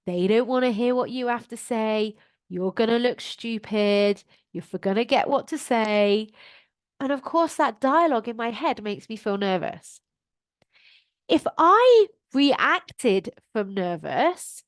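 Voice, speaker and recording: Lively woman coaching on a podcast. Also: a little high, a little slow, no echo, studio quality. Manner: animated, acts out her own inner voice. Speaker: life coach and podcast host. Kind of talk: motivational podcast talk.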